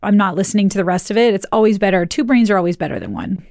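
A woman's voice: mid-range voice, very fast, darkish tone, dry recording. Woman, 50s, podcast co-host: frank, teasing, laughs a lot, dry close mic. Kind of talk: casual chat.

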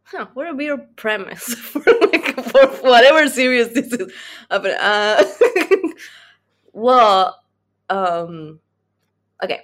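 A woman appears as a guest on a casual podcast. She giggles often and rambles, thinking aloud as she answers. Her voice sits a little on the high side. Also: slow, long pauses.

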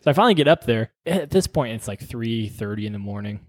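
A man telling medic stories in casual podcast chat, animated and profane, acting out the dialogue. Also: medium pitch, fast talker, dry recording, studio quality.

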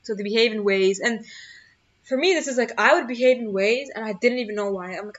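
A woman's voice: fairly high pitch, a little fast, lo-fi sound. A young woman hosting a solo motivational podcast, talking earnestly and emphatically, often repeating her key phrases. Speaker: podcast host.

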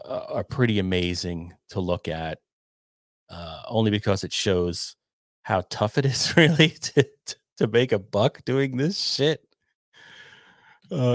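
A man with a voice on the low side hosts a casual livestream, reading chat like a podcast host in studio-quality sound with no room tone. He rambles loosely, swears, and reads viewer donations aloud.

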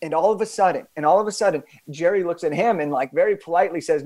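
A young man with a fairly high voice, appearing as a podcast guest, tells a story fast and with animated emphasis. He frequently restarts his sentences as the story builds.

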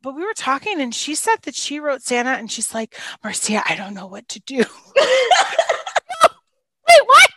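Animated high-voiced woman telling stories. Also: fairly quick, no echo. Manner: animated, laughing often, acts out quotes. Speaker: former youth minister. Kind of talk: casual storytelling chat.

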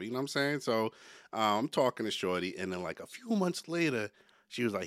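A man in his forties co-hosting a podcast, telling a story with lively quoted voices in casual banter. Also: mid-range voice, a little fast, no room sound, clean studio sound. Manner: animated storyteller, acts out quotes loudly. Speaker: podcast co-host.

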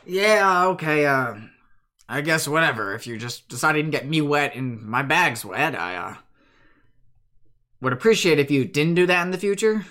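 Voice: mid-range voice, animated, moderate pace, a bit bright, voice pushed down, close to an everyday voice. A game master voicing a grumbling, put-upon man with a put-on American Western accent. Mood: grumpy.

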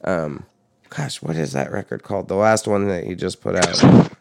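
Deep gravelly-voiced man chatting casually. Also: normal speed, dry recording, clean studio sound. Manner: animated, swears casually, pitch jumps when quoting himself. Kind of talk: casual chat.

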